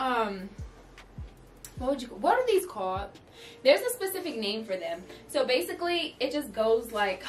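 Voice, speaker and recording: A woman's voice: on the high side, big pitch swings, normal speed, slight background noise. Bubbly young woman gushing over a haul. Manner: bubbly, gushing, talks straight to viewers. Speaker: fashion haul vlogger. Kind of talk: excited try-on haul chat. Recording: voice a bit far from the mic, music underneath.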